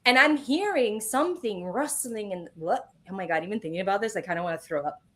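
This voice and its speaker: A woman guest, a medium, telling a personal story in a casual interview, animated and sprinkled with swearing. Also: medium pitch, fairly quick.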